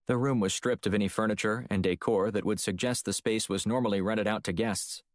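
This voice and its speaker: A man narrating a thriller audiobook with steady, even storytelling. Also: fairly low pitch, a little fast, no room sound, clean studio sound. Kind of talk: scripted narration.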